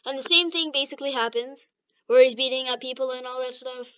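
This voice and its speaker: A woman's voice: high-pitched, brisk, fairly bright tone, clean tone. A woman casually retelling a fan-made story, rambling with lots of fillers, in a lo-fi recording. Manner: rambling, giggly, filler-heavy.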